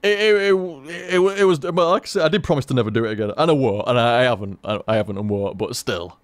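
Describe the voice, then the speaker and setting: A man's voice: medium pitch, fast talker, dry recording. A man in casual rambling chat as a gaming commentator, chatty, laughing at himself and swearing freely.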